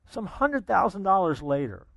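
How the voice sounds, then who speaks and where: A man preaching a sermon, telling a story in an animated way, dropping to a hush and then rising loud. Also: high-pitched, normal speed, creaky, no room sound. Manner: animated storyteller, swings between hushed and loud. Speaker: pastor.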